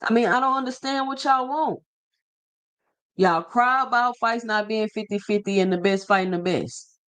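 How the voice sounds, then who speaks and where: A man's voice: high-pitched, normal speed, fairly bright tone, clear, resonant tone. A man hosting a boxing livestream, talking casually and slangily straight to his chat and reading out viewer comments.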